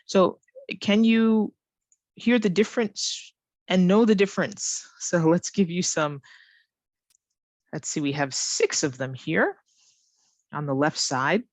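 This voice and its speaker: Leading an online English class, a woman slowly reads sample sentences with heavily exaggerated rising and falling pitch. She has a low, darkish voice captured in a dry recording.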